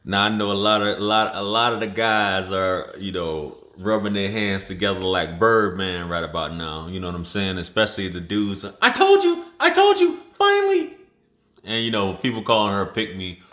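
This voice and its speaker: A man's voice: deep voice, fairly even intonation, moderate pace, few pauses, bright, forceful tone. A man hosting a casual reaction commentary, blunt and talking directly to his male viewers. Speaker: commentator and host. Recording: roomy echo.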